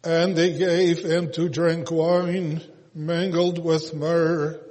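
A man reading scripture aloud in a solemn, slow, almost chanted way, with occasional hesitant pauses. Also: on the high side, level tone, darkish tone. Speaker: scripture reader. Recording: long hall reverb.

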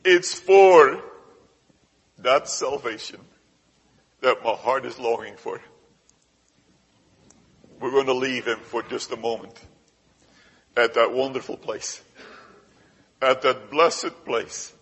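A man preaching a sermon to his congregation, slow and emphatic, swelling to loud rises and dropping to hushed passages. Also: mid-range voice, steady tone, husky, in a large hall. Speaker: pastor. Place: church.

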